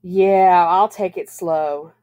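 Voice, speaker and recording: A woman reading aloud, voicing a blunt, excitable young man with Down syndrome in a storybook. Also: mid-range voice, normal speed, voice pushed up, natural voice. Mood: grumbling. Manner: blunt, loud outbursts.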